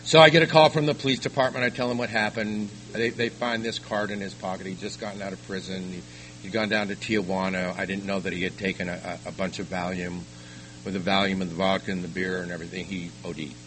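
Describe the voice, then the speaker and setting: Older guy sharing his story at a meeting, lowish voice but forceful, keeps restarting sentences, faint hum behind. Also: little pitch movement, poor audio. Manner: halting storytelling with repeated restarts. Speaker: recovery meeting speaker. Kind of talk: personal testimony talk. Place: meeting room.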